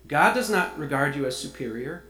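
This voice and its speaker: A man's voice: a little high, expressive, moderate pace, pushed and bright, reverberant, rough recording. A man preaching a sermon, reading scripture aloud and explaining it earnestly. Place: church sanctuary.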